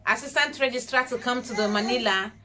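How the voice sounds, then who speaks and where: A young woman tells a personal story straight to her viewers, emotional and earnest. She keeps calling out to them as "guys" and acts out the prayers and conversations. Her voice sits a little high. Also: fast talker, sharp tone. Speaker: vlogger.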